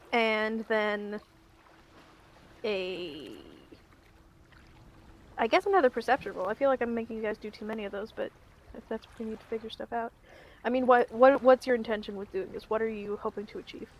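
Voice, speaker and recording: A woman's voice: on the high side, fairly even intonation, normal speed, long pauses, a little hiss or hum. A woman running a tabletop game as game master. She narrates in a rambling way, with lots of ums and restarts.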